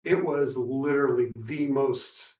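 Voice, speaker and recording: A man sharing a retreat experience in a casual group discussion, earnest and reflective, often halting. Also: medium pitch, darkish tone, reverberant, far from the mic. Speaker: Zen retreat participant.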